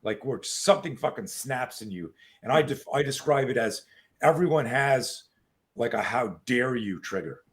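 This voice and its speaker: A man in his sixties, a self-defense coach telling stories as an interview guest, animated and profane, on a video call. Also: mid-range voice, normal speed. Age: 60s. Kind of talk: casual interview storytelling.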